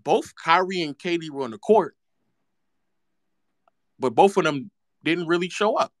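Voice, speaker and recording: A man's voice: on the high side, animated, a little slow, no room sound, studio quality. A man streaming live, ranting about basketball in a sarcastic, mocking way and repeating phrases for effect.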